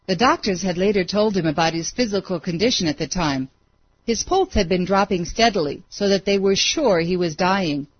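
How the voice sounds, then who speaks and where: A woman narrating a story as an audiobook, with steady, dramatic read-aloud pacing. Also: lowish voice, moderate pace, slightly rough, no room sound. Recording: dry, dull lo-fi recording.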